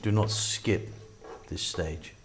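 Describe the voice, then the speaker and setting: A middle-aged man with a London accent who hosts a cooking channel. He gives calm, step-by-step instructions while demonstrating a recipe. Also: low voice, slow, slight background noise.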